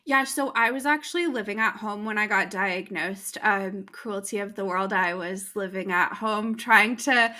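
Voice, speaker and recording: A woman's voice: mid-range voice, moderate pace, few pauses, sharp tone. A young adult woman, a podcast guest, talking candidly and emotionally, with lots of "like" fillers. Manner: emotional, open, heavy use of "like". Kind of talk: candid conversational interview.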